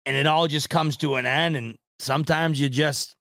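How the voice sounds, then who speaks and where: A man's voice: fairly high pitch, steady tone, moderate pace, fairly bright tone, no room sound, studio quality. A man hosting a casual sports podcast, rambling in a frustrated, self-deprecating way and swearing now and then. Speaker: podcast host.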